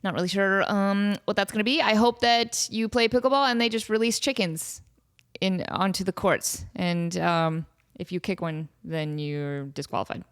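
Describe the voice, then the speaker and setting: A woman in her thirties, speaking at a moderate pace with a medium pitch and clean tone, hosts a casual podcast chat from home near Las Vegas. She jokes through fan questions, adding many fillers and asides.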